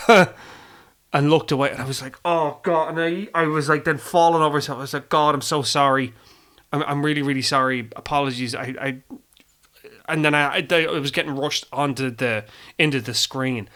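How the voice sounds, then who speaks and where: A man's voice: mid-range voice, a bit bright. Irish male podcast host, loose self-deprecating delivery, profane and rambling. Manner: rambling, swears freely, self-deprecating, many fillers. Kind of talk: casual film review chat.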